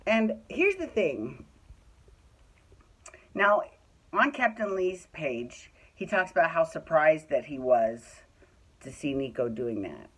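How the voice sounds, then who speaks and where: A woman's voice: deep voice, very animated, slow, long pauses, a bit bright, poor audio. A woman recapping a reality show in a chatty, opinionated way, swearing freely. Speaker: recap vlogger.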